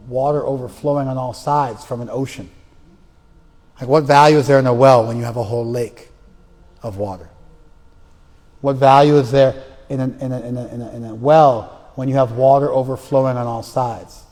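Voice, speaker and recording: A man's voice: medium pitch, a little mellow. Man teaching scripture in a reverberant room. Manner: recites verses then explains them, storytelling with acted voices. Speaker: spiritual teacher. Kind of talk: lecture on scripture. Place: class room.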